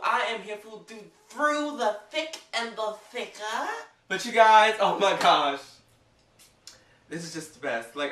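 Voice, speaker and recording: A theatrical man talks straight to camera in his vlog, gushing and dramatic, swinging from shouts down to near-whispers. His voice is bright and forceful. It sits back from the mic in a roomy, echoey space with a faint hiss behind it. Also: high voice, distant mic. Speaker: vlog host. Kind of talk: excited vlog monologue.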